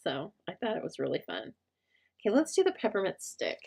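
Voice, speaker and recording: A woman's voice: mid-range voice, wildly swooping pitch, a little fast, vocal fry, a little mellow, breathy edge. A woman hosting a live rubber stamp crafting stream, chatting casually and rambling as she works, talking to viewers by name and poking fun at herself. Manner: self-deprecating.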